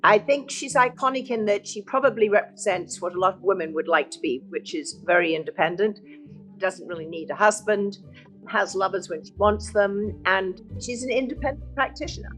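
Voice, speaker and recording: A woman's voice: medium pitch, moderate pace, soft background music. An actress from England talking enthusiastically about her lead role in a cast interview. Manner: enthusiastic, animated storytelling. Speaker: lead actor.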